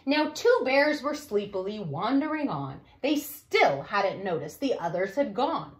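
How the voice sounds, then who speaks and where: A woman, a children's librarian, reading a picture book aloud for story time in an expressive way. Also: high voice. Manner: expressive, slow, sing-song reading.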